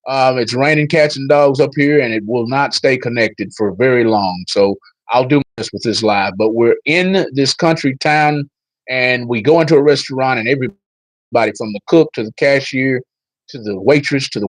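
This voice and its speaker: A man's voice: medium pitch, moderate pace, no echo, rough recording. Chatty man on a live stream. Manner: chatty storyteller, talks straight to viewers. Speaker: livestream host. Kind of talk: casual livestream chat.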